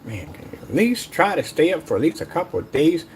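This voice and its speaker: A man's voice: fairly high pitch, sing-song, brisk, vocal fry, a little hiss or hum. A man delivering a mocking, repetitive callout rant against a rival seller. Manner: taunting, mocking, repeats himself. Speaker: YouTuber calling out a rival seller.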